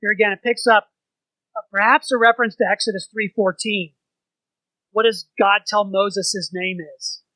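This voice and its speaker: A man's voice: sits high, flat delivery, moderate pace, pushed and bright, no echo, poor audio. A man leading an informal church Bible study, talking conversationally and putting questions to the group.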